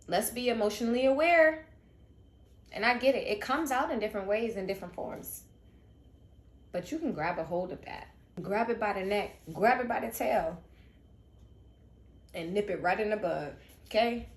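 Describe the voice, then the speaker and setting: A woman's voice: on the high side, lively intonation, normal speed, long pauses, reverberant. A young woman vlogging about raising her late sister's children, emotional and confiding, talking straight to her viewers. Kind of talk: candid personal vlog.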